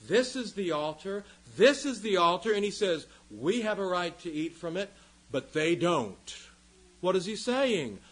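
Husky male pastor, lively pitch swings, fiery sermon style. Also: low-quality recording. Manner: impassioned, swings from loud emphasis to quiet. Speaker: preacher.

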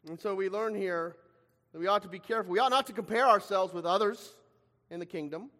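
High-voiced preacher in a reverberant hall. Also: male voice, fairly quick. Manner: dramatic, acts out quoted voices with shifting loudness. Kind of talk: sermon.

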